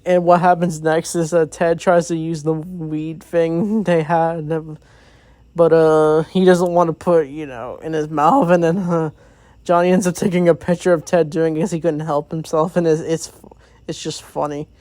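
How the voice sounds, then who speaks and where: A man's voice: a little high, steady tone, moderate pace, a little mellow, dry recording. A man giving a casual, rambling movie review, recapping the plot with many fillers and quoted lines.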